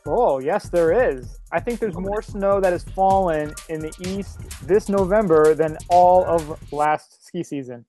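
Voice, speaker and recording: A man's voice: high-pitched, a little slow, hardly any pauses, dark tone, soft background music. Upbeat male podcast co-host on a call. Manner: upbeat, plugs the show eagerly. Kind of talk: casual podcast chat. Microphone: video call.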